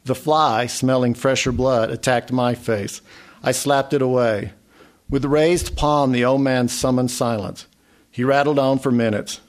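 A man reading a literary memoir story aloud in a measured way. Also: mid-range voice. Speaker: narrator.

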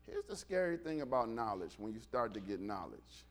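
A middle-aged man preaching a sermon, animated, swinging from quiet asides to shouts and acting out dialogue. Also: mid-range voice, moderate pace. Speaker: pastor.

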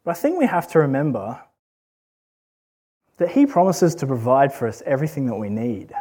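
Husky-voiced man preaching. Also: medium pitch, very animated, moderate pace, warm tone. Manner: earnest, conversational, asks rhetorical questions. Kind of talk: sermon.

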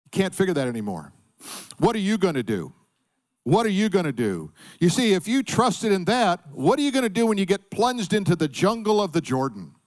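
A middle-aged pastor preaches a sermon in a sing-song, high-sitting voice with a darkish tone, a little fast. He is emphatic, calling on the congregation to answer back in call-and-response.

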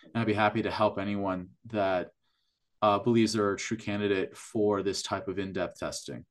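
A man's voice: lowish voice, fairly even intonation, moderate pace. A man who works in functional medicine, a guest on a podcast interview, explaining at length with enthusiasm and frequent restarts.

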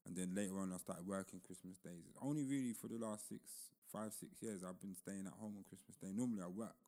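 A man co-hosting a podcast, chatting casually and telling loose, animated stories full of slang. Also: sits low, a little fast. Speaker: podcast co-host. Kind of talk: casual chat.

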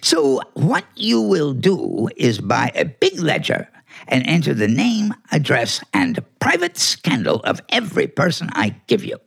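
A man's voice: on the high side, huge pitch swings, a little slow, creaky, a bit bright, slightly rough, heavily acted. An actor playing a clever, bossy talking male house cat in a 1940s radio play, smug and theatrical. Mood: scheming.

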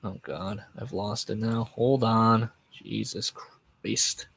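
Solo male podcast host, gravelly mid-pitched voice, dry close sound, digressive and loose. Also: fairly even intonation, slow, a bit bright, no room sound. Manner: rambling and digressive, trails off and restarts; chuckles at his own asides. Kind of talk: casual solo podcast chat.

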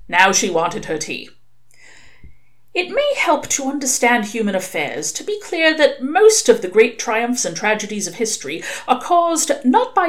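A woman reading a novel aloud, telling it in an expressive, wry way. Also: fairly high pitch. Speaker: reader.

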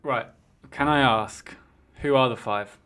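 A man's voice: medium pitch, measured pace, pushed and bright, clean tone. A young man co-hosting a student radio show, asking dry, teasing questions in casual banter. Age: young adult. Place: radio studio.

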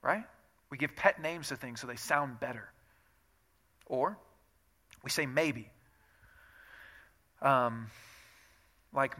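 A man's voice: mid-range voice, measured pace, pauses often. A man, a pastor, giving a sermon and acting out the excuses people make in shifting voices. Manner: animated, acts out quoted excuses in shifting tones.

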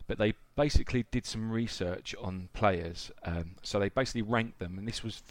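A man's voice: lowish voice, moderate pace. A man co-hosting a casual football podcast, chatty and rambling, often laughing. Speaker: podcast co-host. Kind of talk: casual chat.

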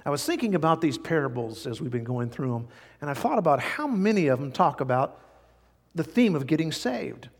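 A man preaching a sermon as a pastor, animated, with sudden jumps in pitch and loudness. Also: brisk, creaky, slightly rough, in a large hall.

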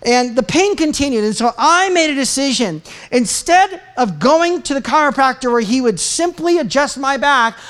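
A middle-aged pastor with an extremely high, fairly bright voice gives announcements and a sermon in a church sanctuary. His manner is casual and chatty, with self-mocking jokes, and the sermon includes a personal story.

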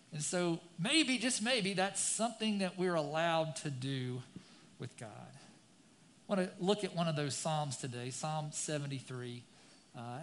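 A man preaching a sermon, reading scripture dramatically and turning to the congregation with casual asides. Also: a little high. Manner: dramatic scripture reading, rising loud on key lines. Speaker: pastor.

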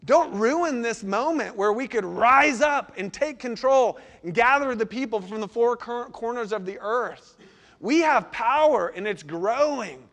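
A man's voice: animated, measured pace, fairly bright tone, big-room sound, heavily acted. A man voicing a cocky, agitated male disciple who protests and pleads in a raised, pressing voice. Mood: eager pleading. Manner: pleading and scolding, raised pitch.

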